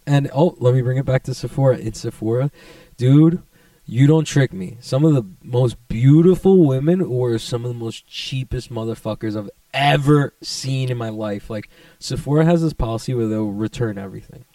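A young man rambling in a casual, profane vlog monologue, laid-back but jumping to excited bursts. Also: medium pitch, normal speed, dry recording, far from the mic. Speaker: vlogger.

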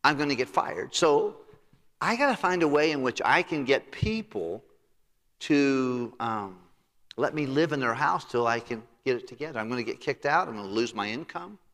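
A man's voice: mid-range voice, lively intonation, moderate pace, a bit bright, in a large hall, voice pushed down. A man voicing a lazy male steward who fears being fired, muttering in fretful, casual slang. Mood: scheming. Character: lazy, panicking male steward facing firing.

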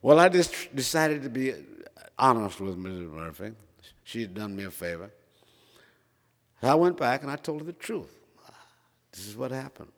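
A man's voice: medium pitch, big pitch swings, moderate pace, pauses often. An older man from Minnesota telling a self-mocking personal story, chatty with frequent fillers. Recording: reverberant hall.

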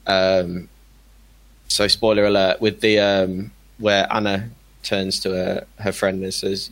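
An enthusiastic man with a low-pitched voice chats on a podcast. He laughs often and trips over repeated words as he gushes. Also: flat delivery, slow, fairly bright tone. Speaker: podcast regular recommending a film. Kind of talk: casual chat.

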